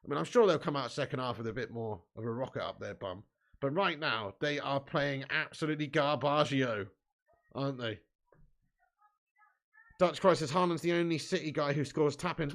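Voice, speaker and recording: A man's voice: a little high, normal speed. Chatty man hosting a live stream. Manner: banters with viewers, reads out chat comments, laughs often. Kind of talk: casual live watch-along chat.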